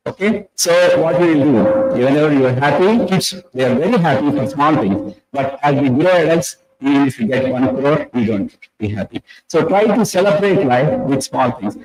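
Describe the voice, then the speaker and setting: A man's voice: medium pitch, animated, moderate pace, a little mellow, poor audio. A man giving a conference talk, chatty and leading the audience through exercises. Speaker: conference speaker. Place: conference hall.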